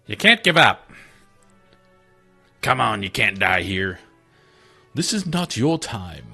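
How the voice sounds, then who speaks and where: A man's voice: lowish voice, sing-song, takes it slowly, gravelly, bright, forceful tone, breathy edge, soft background music, exaggerated voice. A man voicing eager young game allies with a raised, pleading, cheering delivery. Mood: encouraging.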